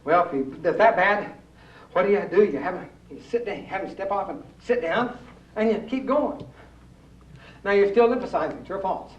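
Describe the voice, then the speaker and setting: A man's voice: sits high, moderate pace. Folksy man demonstrating exercises, echoey. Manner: folksy, coaxing, asks the audience true or false. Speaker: rebounding exercise instructor. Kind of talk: live fitness demonstration to an audience. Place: room with a live audience. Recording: distant, echoey, dull old room recording.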